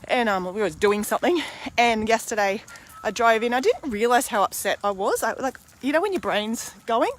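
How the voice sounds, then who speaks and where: A woman's voice: a little high, expressive, moderate pace. A woman in her forties talking candidly to camera in a rambling, casual personal monologue, now and then swearing mildly. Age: 40s. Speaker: vlogger and podcaster.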